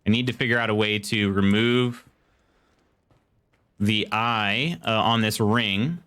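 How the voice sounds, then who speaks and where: Playing a horror game on a live stream, this man keeps up casual commentary, reading chat and in-game text out loud and thinking aloud as he goes. His fairly low voice has a fairly bright, clean tone, and he takes things slowly.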